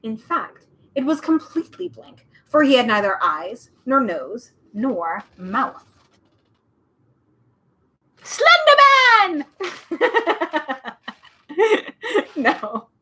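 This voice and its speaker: A woman's voice: on the high side, expressive, takes it slowly, fairly bright tone, low-quality recording. A woman reading a children's book aloud at home, with chatty, bubbly asides. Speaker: storyteller.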